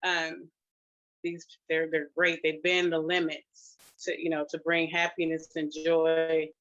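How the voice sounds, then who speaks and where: A grandmother sharing a personal testimonial, emotional and close to tears, talking in a halting way with many fillers and restarts. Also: low voice, completely flat delivery, a bit bright, lo-fi sound. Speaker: grandmother sharing her family's experience.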